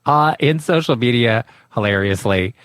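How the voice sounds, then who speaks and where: Brief: man co-host, mid pitch, easygoing banter, dry close studio sound. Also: lively intonation, moderate pace, fairly bright tone, dry recording. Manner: laid-back, short agreeing replies. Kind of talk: casual chat.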